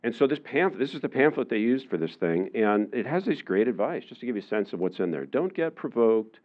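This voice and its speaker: A male lecturer talks to a live audience in an easy, chatty way, full of fillers and restarts. He slips into quick acted-out voices when he quotes people. His voice is mid-pitched, and the lecture recording sounds a little dull. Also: very animated. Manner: conversational, acts out quoted voices, many fillers. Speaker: university lecturer. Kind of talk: public lecture. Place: lecture room.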